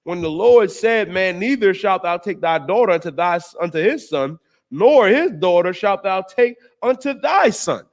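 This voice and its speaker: A man hosting a talk show, preaching on scripture in slangy, emphatic speech and drawing out the verses slowly. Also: sits high, animated. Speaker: host and teacher.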